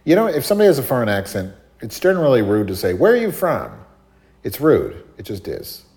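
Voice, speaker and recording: A man chatting casually and telling a story in a sardonic, animated way, sometimes mimicking other voices. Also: medium pitch, fast.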